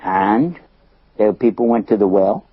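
A man telling a story to an audience in a lively way, acting out the voices and chuckling often. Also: on the low side, measured pace, slightly rough, dry recording, muffled recording.

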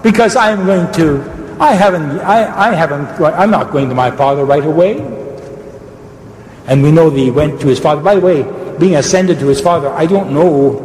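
Man, fervent sermon, high voice, leaps higher on key words, long hall echo. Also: a little mellow, a little hiss or hum. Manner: fervent, swoops high for emphasis; fast-talking, restarts mid-sentence. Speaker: preacher in a debate.

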